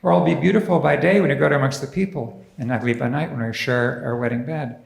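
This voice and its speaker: Man doing soft-spoken enchanted noble lady, sincere, storybook telling, echoey church hall. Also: mid-range voice, fast talker, vocal fry. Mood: tender.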